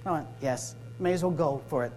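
A man's voice: on the high side, fairly quick, darkish tone, faint music behind, poor audio. A man, a minister giving a sermon-style workshop talk, telling stories, acting out the dialogue and joking. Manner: storytelling, acts out dialogue, joking.

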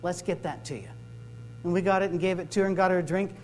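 Over faint music and a rough recording, a man speaks fast in a high voice with fairly even intonation. He is a minister giving a sermon-style workshop talk, full of stories, acted-out dialogue, and jokes.

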